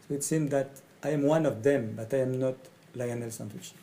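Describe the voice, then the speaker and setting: Middle-aged french guy, coach, gravelly mellow voice, slow and halting, repeats himself a lot. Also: mid-range voice, rough recording. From France. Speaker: coach and facilitator. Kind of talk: speaking to camera about his training.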